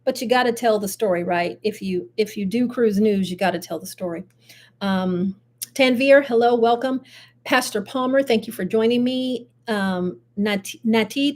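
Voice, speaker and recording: Older woman, livestream host, chatty and laughing, fairly high voice. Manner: chatty, laughing, animated asides. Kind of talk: casual livestream chat.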